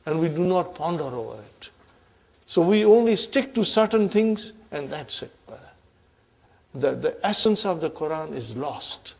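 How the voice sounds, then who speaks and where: This middle-aged man's voice is high-pitched with a darkish tone. Teaching Arabic grammar in English, he often asks "are you with me" and "huh" to be sure the students follow, laughing between points.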